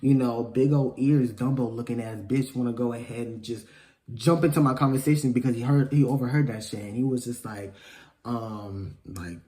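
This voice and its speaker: Male vlogger, animated and profane storytelling, mid-range voice, loud rants and quiet asides. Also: mid-range voice, normal speed. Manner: animated, profane, swings between loud outbursts and mumbling asides. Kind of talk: casual storytelling.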